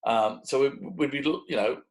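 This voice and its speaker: This interview guest, a middle-aged Australian make-up effects artist, has a mid-range voice and a normal speaking speed. He relates stories in a lively, casual way, restarting often and voicing what others said, on a low-quality recording.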